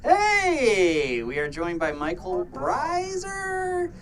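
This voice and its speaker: A man's voice: mid-range voice, normal speed, a bit bright, slight background noise. A man co-hosting a podcast in casual, joking chat, often stumbling over his words. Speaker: podcast co-host.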